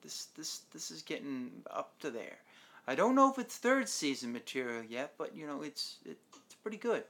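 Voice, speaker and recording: A man's voice: a little high, sing-song, moderate pace, gravelly, fairly bright tone. A man casually recapping a TV episode as a show host, rambling along and acting out the characters' lines.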